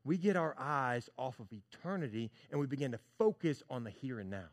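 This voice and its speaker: A man preaching a sermon, talking conversationally to his congregation and swinging from hushed moments to loud bursts. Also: mid-range voice, expressive, brisk. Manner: conversational, addresses congregation as church and y'all. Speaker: pastor.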